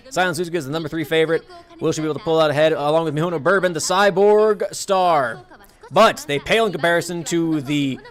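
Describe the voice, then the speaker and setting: A man putting on the voice of an excitable horse-race announcer, calling the field with booming play-by-play. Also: close to an everyday voice. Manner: hyped, booming play-by-play delivery.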